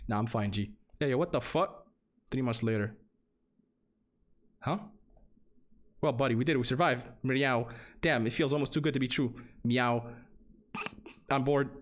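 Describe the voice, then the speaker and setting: A man streaming games, giving jokey casual commentary and reading game text aloud in an animated way. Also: medium pitch, fairly quick, pauses often.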